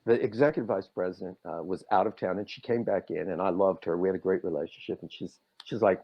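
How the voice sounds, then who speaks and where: A man, a podcast guest and author, telling stories in a casual way and acting out quotes with big swings in pitch. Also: quick pace, hardly any pauses, slightly rough, muffled recording. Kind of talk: casual storytelling.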